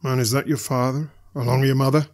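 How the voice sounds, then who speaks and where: A man doing a fearsome gruff convict. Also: mid-range voice, fairly even intonation, quick pace, a little mellow, natural voice. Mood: threatening. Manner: growling, commanding, gruff. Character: fearsome escaped male convict, rough and threatening.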